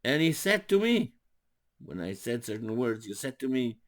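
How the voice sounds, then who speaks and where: An older man, a rabbi, telling stories in a sermon with animated, rising emphasis. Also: medium pitch, normal speed. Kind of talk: storytelling sermon.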